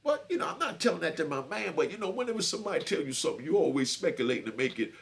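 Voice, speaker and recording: A man's voice: on the high side, racing, gravelly. An older man, feeling unwell, telling a street story to younger listeners in a laid-back, streetwise way that keeps checking in with them. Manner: streetwise, keeps checking in with "you know what I mean"; laid back, lively, acts out quoted voices.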